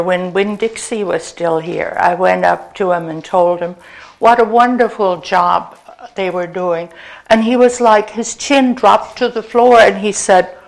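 A woman giving a gentle, conversational inspirational talk to a congregation. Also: mid-range voice, vocal fry. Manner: gentle, unhurried, conversational with fillers. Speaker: spiritual speaker.

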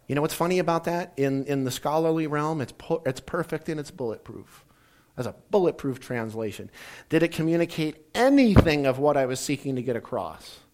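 A man giving a casual teaching talk, rambling through stories and acting out little bits of dialogue with jokes. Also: a little high. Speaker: speaker teaching about Bible translation.

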